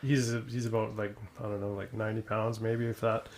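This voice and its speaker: A man's voice: fairly low pitch, level tone, fairly quick. A man who is a podcast guest, talking in a blunt, laid-back way. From Canada. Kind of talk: casual chat.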